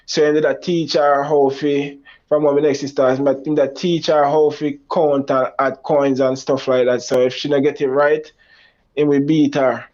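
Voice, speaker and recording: Man, Jamaican accent, rambling storyteller, higher voice, dull lo-fi recording. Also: flat delivery, normal speed, a little mellow. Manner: rambling, Jamaican Creole phrasing, acts out quoted lines in a raised voice. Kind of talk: personal storytelling. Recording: dull lo-fi sound.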